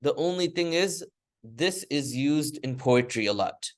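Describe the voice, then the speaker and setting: A man's voice: on the high side, expressive, unhurried. A man teaching Arabic grammar in a classroom, explaining patiently and leading students through recited drills. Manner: patient, repeats terms and has students recite after him.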